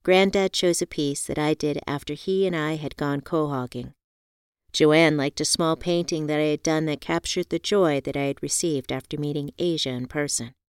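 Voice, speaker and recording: A woman reads a first-person novel aloud in a calm, measured way. Her voice sits a little low and sounds smooth and crisp, recorded close and dry. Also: dry recording. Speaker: audiobook narrator. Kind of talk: scripted first-person narration.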